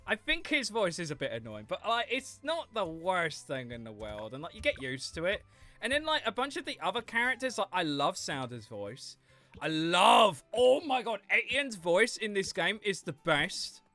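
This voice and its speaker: Lively, bright-voiced streamer. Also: medium pitch, normal speed, no echo, soft background music. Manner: chatty, animated, laughs often. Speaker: gaming livestreamer. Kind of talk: casual livestream commentary.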